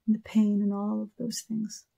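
A middle-aged Israeli woman speaking straight to her audience from the heart. Her voice is warm and a little husky, and she stresses her points by repeating words. Her pitch sits in the middle for a woman. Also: monotone, moderate pace. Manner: earnest, emotional, repeats words for emphasis. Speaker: singer speaking to fans. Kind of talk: heartfelt personal address to camera.

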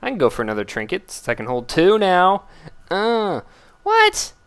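A man giving casual gameplay commentary, blurting out excited exclamations and complaints at the game as he plays. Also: fairly high pitch, fast, clean tone. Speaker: let's play gamer.

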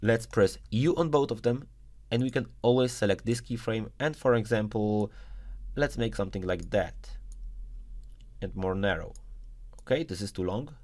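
Man walking through a software tutorial. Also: normal speed, long pauses. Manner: methodical step-by-step instructions with an occasional punchy "boom". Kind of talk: screen-recorded software tutorial.

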